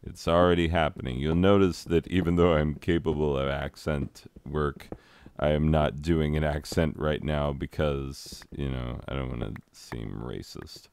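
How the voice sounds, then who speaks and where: Very deep-voiced rambling man gamer. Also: steady tone, measured pace, gravelly, a little mellow, clean tone, no echo. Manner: self-deprecating, rambling, breaks into sung asides. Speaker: teacher and gaming vlogger. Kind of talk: rambling casual commentary over gameplay.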